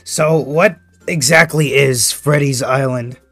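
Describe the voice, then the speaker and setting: A young man hosting a Minecraft roleplay, loud and joking with frequent swearing. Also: medium pitch, slow, faint music behind. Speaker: roleplay host.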